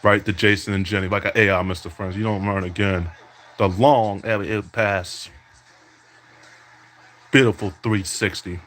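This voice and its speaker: Taunting as he goes, a man who hosts a podcast narrates his basketball video game like a mock announcer, trash-talking over the gameplay. He has a lowish, steady, slightly bright voice, speaking at a moderate pace with frequent pauses.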